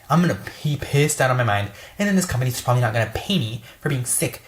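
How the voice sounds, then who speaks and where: A young woman store worker ranting in a casual vlog, swearing often and exasperated, full of fillers. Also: a bass voice.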